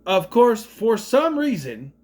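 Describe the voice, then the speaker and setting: A man's voice: high-pitched, very animated, slow, a little mellow. A man giving casual, rambling movie commentary, sarcastic and swearing freely. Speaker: movie reviewer.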